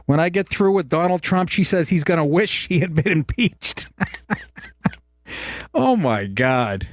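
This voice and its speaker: A man's voice: fairly high pitch, animated, measured pace, no echo. A middle-aged man hosting a talk show, ranting in a profane, sarcastic and exasperated way. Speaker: host.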